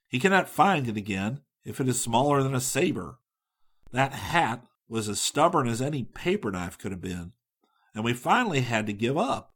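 A man narrating a humorous old travel tale in a mid-range voice. His reading is measured and steady, and his delivery stays dry and wry throughout. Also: medium pitch, husky. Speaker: audiobook narrator. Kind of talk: scripted narration.

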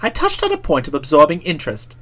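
A woman's voice: low voice, huge pitch swings, quick pace. A woman narrating a first-person comic audiobook in a wry, theatrical, mock-pompous manner.

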